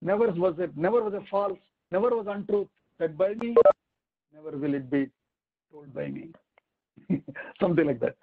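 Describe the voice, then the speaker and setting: A man teaching a weekly scripture class, explaining step by step with rhetorical questions and slow recitations. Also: sits high, lively intonation, narrow, tinny audio. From India. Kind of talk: weekly online scripture lesson.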